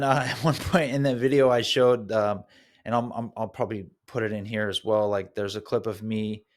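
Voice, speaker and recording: Low-pitched male podcast host, candid and reflective, unscripted solo monologue. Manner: candid and soul-searching, with occasional laughs.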